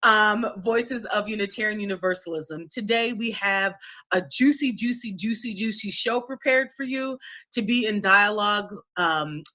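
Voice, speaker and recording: A woman's voice: mid-range voice, moderate pace, sharp tone. A woman co-host with a Minnesota accent, chatting in a bubbly, playful way. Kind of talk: casual chat.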